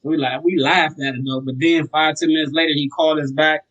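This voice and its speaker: Slangy man, slightly high voice. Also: a little fast, highs cut off. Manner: relaxed, slangy, tells stories with acted quotes. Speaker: guest, sober home operator. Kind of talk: casual podcast talk.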